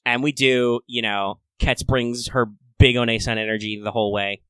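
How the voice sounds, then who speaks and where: A man co-hosting a casual fan podcast, talking in a chatty, playful, upbeat way with excited asides. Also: mid-range voice, normal speed, clear, resonant tone, no echo. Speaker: podcast co-host.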